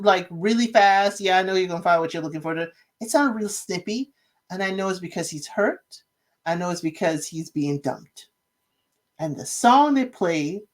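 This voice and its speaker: A woman talks casually through a reality show recap, jumping into quoted lines with bursts of energy. Her voice sits at an ordinary middle pitch. The delivery is chatty and expressive. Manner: animated storytelling, acting out quotes.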